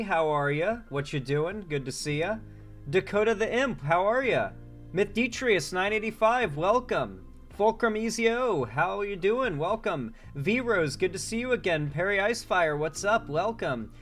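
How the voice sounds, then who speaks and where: A man's voice: sits high, a bit bright. A man hosting a casual livestream, reading out chat names one by one and rambling through asides. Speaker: livestream host.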